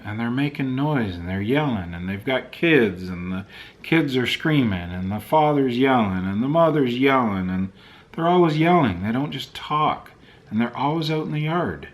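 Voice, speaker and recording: A man's voice: fairly low pitch, a bit bright. A man vlogging in a casual, ranting way, talking straight to his camera. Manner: ranting, chatty, talks to his dogs. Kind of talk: casual vlog chat. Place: outdoors in wind, then at home. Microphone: camera mic with windscreen.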